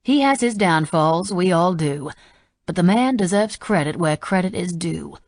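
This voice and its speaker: Narrator's middle-aged Southern housekeeper, frank, low gravelly voice. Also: female voice, lively intonation, measured pace, no echo, clean studio sound. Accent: slight Southern US.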